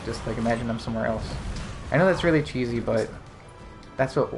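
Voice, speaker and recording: A man's voice: mid-range voice, fairly quick, music in the background. A young man hosting a casual gaming podcast, telling personal stories in a candid, rambling way with plenty of fillers. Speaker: podcast host.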